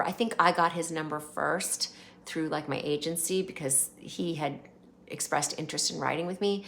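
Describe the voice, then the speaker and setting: A woman hosting her channel, casually telling viewers an animated, rambling story. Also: lowish voice. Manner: chatty, animated, rambling anecdotes. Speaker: channel host.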